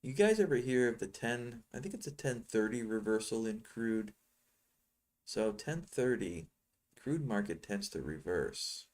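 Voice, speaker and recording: A man's voice: fairly low pitch, big pitch swings, a little slow. A middle-aged man giving rambling, teasing live commentary on his trading screen, thinking aloud as he goes. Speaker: futures trading software seller.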